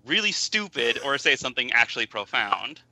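A man's voice: medium pitch, sing-song, brisk, bright, forceful tone. A man guest on a casual podcast, talking in an eager, giggly and earnest way. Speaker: guest artist.

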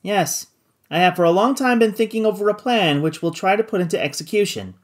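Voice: medium pitch, lively intonation, fairly quick, lightly acted. A reader voicing a resolute Victorian doctor in an audiobook, speaking in a commanding, urgent way. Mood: calm. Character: resolute Victorian doctor leading a balloon voyage. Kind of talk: audiobook character voice.

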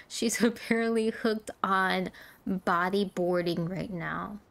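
A woman's voice: medium pitch, slow pace, gravelly, a bit bright. A woman streaming a video game, chatting to her viewers with frequent giggles. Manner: giggly, chatty, talks to chat. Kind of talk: live game stream commentary.

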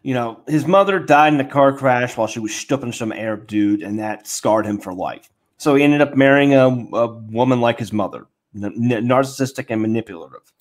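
A man's voice: medium pitch, a little fast. An American man co-hosting a podcast who explains things bluntly and casually, with some profanity. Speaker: podcast co-host. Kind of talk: casual chat.

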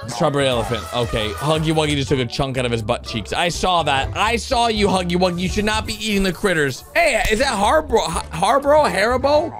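Young guy yelling and reacting to cartoons, high bouncy voice, music playing under him. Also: normal speed. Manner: excitable, loud outbursts and laughter. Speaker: YouTube host reacting to animations. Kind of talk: excited reaction commentary.

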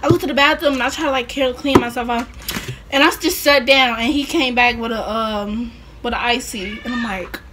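Young woman, high voice, casual storytime vlog, rambling, lots of fillers, slight background hiss. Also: steady tone, normal speed, bright, forceful tone. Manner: rambling, laughing, many fillers. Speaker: vlogger.

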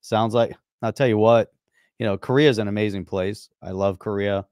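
A man's voice: on the low side, fairly even intonation, moderate pace, a little mellow, smooth, no room sound, clean studio sound. A man from the United States co-hosting a live podcast stream, easygoing and often laughing. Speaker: podcast co-host. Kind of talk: casual live-stream chat.

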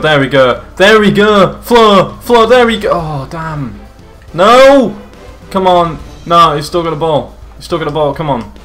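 A young man with a fairly high, lively voice, talking through his football game in casual commentary. He gets excitable, swears and yells at the screen, with faint music playing underneath. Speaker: gaming YouTuber.

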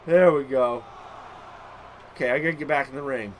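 A young man hosting a gaming channel, giving excitable let's-play commentary with loud outbursts and mild swearing. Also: medium pitch, normal speed, slight background noise.

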